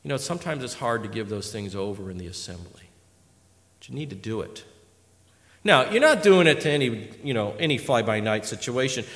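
Guy preaching a sermon, lively stories, loud then quiet asides, echoey church hall. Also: mid-range voice, a little fast. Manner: animated storytelling, swinging from loud exhortation to quiet asides. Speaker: pastor. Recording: reverberant hall.

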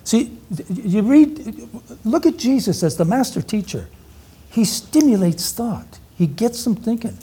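A man's voice: high-pitched, very animated, unhurried, dark tone, husky. A middle-aged man preaching an interactive teaching sermon, energetically quizzing the audience with questions.

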